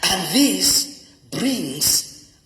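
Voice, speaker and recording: Kenyan pastor preaching in an echoey hall. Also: male voice, high voice, big pitch swings, very slow, bright, forceful tone. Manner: emphatic preaching with dramatic repetition. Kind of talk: sermon. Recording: echoey hall with long reverb.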